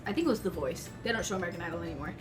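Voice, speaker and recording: A young woman vlogger telling stories to the camera from her bedroom, in a chatty, animated way full of filler words. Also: on the low side, rapid-fire, over music. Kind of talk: casual storytelling to camera.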